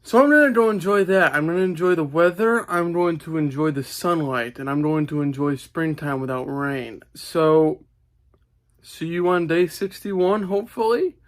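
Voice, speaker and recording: A man's voice: a little high, normal speed. Upbeat young man vlogging outdoors. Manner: upbeat, chatty, talks while walking outdoors. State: out of breath. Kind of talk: casual vlog to camera. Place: outdoors on a sunny spring day.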